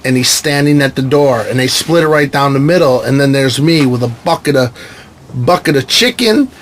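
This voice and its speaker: Animated, cursing New York storyteller man. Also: mid-range voice, moderate pace, slight background noise. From New York State, USA. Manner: animated storyteller who acts out quotes and swears freely. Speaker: guest, actor and stand-up comedian. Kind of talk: casual podcast chat. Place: aboard a sailboat in a marina.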